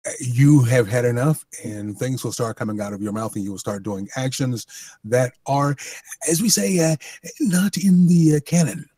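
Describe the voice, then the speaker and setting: A man's voice: mid-range voice, animated, normal speed, mellow, slightly rough, no room sound. A man co-hosting a podcast, chipping in with dry wry remarks in casual chat. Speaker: podcast co-host.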